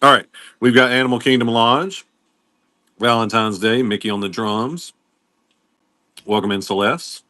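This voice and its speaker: A man's voice: medium pitch, fairly even intonation, unhurried, long pauses, sharp tone, no echo. A man hosting a live online sale, casually greeting viewers by name and running through items one by one. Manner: welcomes viewers by name while listing items. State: coughing now and then. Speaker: livestream seller host.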